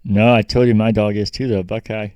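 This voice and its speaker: A man's voice: lowish voice, level tone, a little fast, no echo, dull audio. A man co-hosting a podcast, mostly giving short agreements and dry quips in casual chat. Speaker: podcast co-host.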